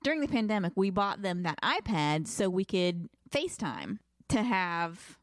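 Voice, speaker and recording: A woman's voice: mid-range voice, lively intonation, measured pace, no room sound. A woman co-hosting a podcast in casual chat, steering the talk with dry asides. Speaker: podcast co-host.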